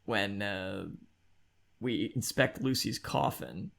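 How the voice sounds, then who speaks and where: A man's voice: fairly low pitch, slow, creaky, a bit bright. A man co-hosting a podcast, casually walking through a novel's plot and chatting it over. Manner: easygoing, steers the discussion through the plot. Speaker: podcast co-host. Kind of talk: casual book discussion.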